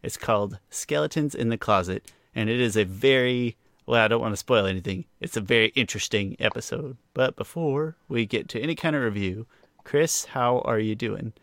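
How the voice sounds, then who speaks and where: In clean, dry studio sound, a man co-hosts a casual podcast, joking around and laughing often. His voice is medium-pitched and fairly bright, at a moderate pace.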